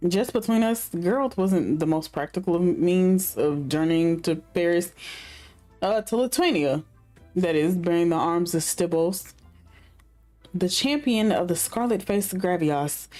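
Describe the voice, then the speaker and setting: A woman's voice: fairly low pitch, lively intonation, a little slow, dark tone, soft background music. A woman game streamer reading the story narration aloud, breaking off into chatty asides full of fillers.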